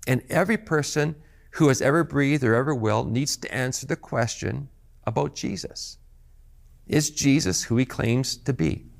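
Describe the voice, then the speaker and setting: A man's voice: mid-range voice, vocal fry. Earnest male pastor preaching. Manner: earnest, emphatic, repeats words and restarts. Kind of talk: sermon.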